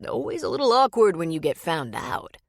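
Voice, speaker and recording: A woman voicing a smooth adult male con man who is charming, slick and teasing, then menacing. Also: lowish voice, big pitch swings, brisk, no room sound, studio quality, heavily acted. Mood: gloating.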